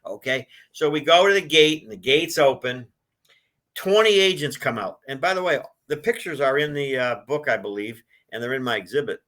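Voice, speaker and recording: A man's voice: mid-range voice, lively intonation, normal speed, a bit bright. An older man telling rambling stories in a casual interview, acting out what other people said. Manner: rambling anecdotal storytelling, acts out quoted voices. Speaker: guest, collector of a presidential car.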